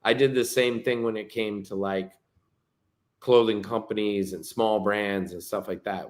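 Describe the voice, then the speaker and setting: A man who is a guest on a podcast, telling a relaxed, rambling story full of fillers and restarts in casual conversation. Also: fairly low pitch, measured pace.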